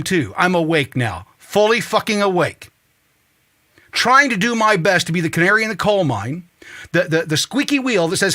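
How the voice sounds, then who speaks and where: A man hosting a talk show, delivering an angry, profane political monologue that rises to shouting. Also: high voice. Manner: ranting, swearing, rising to shouts.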